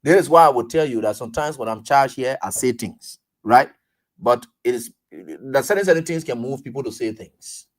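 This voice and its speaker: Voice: mid-range voice, animated, normal speed. A radio talk host, giving political commentary in an emphatic way, full of repetition and rhetorical questions.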